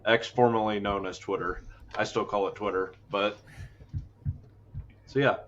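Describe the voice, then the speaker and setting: A man from the United States speaking as a guest in an interview, earnest and measured with many fillers. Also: lowish voice, fairly even intonation, fairly bright tone, highs cut off, a little hiss or hum. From USA. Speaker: guest, think tank cofounder. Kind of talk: casual interview talk.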